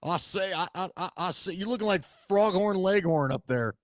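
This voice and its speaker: A man's voice: sits high, animated, normal speed, no room sound. Teasing, jokey man, dry sound. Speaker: co-host. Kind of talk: casual chat.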